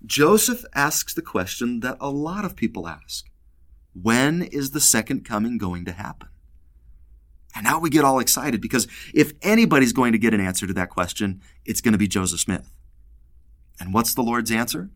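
A man's voice: mid-range voice, animated, moderate pace, fairly bright tone. A man giving a casual scripture lesson, playful and humorous, acting out bits of dialogue. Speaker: scripture teacher.

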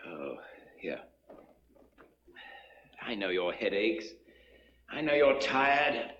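An actor playing a demanding middle-aged language professor who lectures grandly. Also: male voice, lowish voice, sing-song, very slow, fairly bright tone, slight background noise, heavily acted. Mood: impassioned. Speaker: phonetics professor in a film. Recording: muffled, echoey 1960s film soundtrack.

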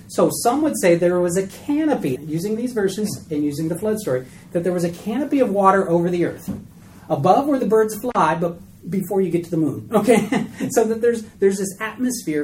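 A man's voice: sits high, darkish tone, slight background noise, rough recording. A man teaching a casual Bible study class. He keeps checking in with the group by asking "okay?" and "right?".

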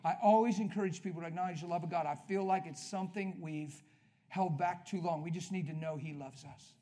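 A man preaching at a healing service in an energetic, conversational way, coaching the congregation with quick questions. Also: high voice. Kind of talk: sermon.

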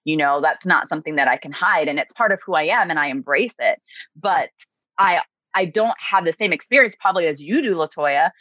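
A woman's voice: sits low, expressive, fairly quick, bright, forceful tone, no room sound. A woman guest on a podcast, speaking earnestly and reflectively in casual conversation, with many "you know"s. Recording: muffled, dry remote recording.

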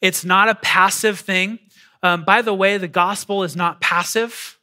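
A man preaching a sermon to a congregation, animated and repeating words as he goes. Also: high-pitched, measured pace. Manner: animated, repeats words, acts out quoted voices. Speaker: pastor. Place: church hall before a congregation.

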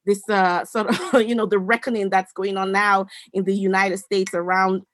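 Animated woman telling her story. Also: medium pitch, moderate pace, dry recording. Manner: animated, acts out quoted dialogue, many restarts. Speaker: interview guest. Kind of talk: conversational storytelling.

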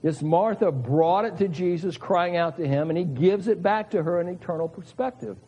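A man's voice: sits high, normal speed, warm tone, in a large hall, muffled recording, a little hiss or hum. A man preaching a sermon in an earnest manner, his voice rising dramatically as he makes his points. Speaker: pastor.

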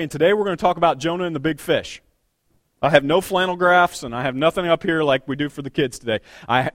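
A man in his thirties preaching a sermon as pastor, conversational and animated, with self-deprecating asides. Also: fairly high pitch, no room sound, studio quality. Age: 30s.

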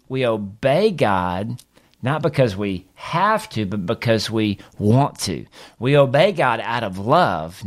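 A man, a pastor, teaching a Bible study on a podcast and reading scripture in an earnest, steady way. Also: on the low side.

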